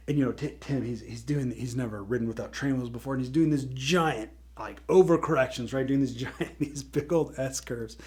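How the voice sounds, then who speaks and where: A man hosting a casual Christian teaching talk, telling a story in an animated way with lots of fillers. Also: mid-range voice, normal speed. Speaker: Christian teacher, podcast host.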